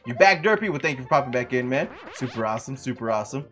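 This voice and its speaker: A young man streaming a retro game, chatting casually, swearing a lot and breaking into loud outbursts, saying he is sleepy. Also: medium pitch, expressive, fast talker, few pauses, faint music behind. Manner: profane, rowdy, loud outbursts and laughing.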